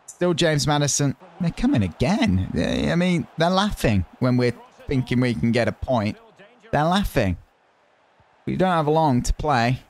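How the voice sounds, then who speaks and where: A man from the United Kingdom, a gaming YouTuber, talking over his own football game, with loud excited bursts at near misses and quieter muttering while he plans. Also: fairly high pitch, a little slow. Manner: chatty, muttering while planning. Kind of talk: live gameplay commentary.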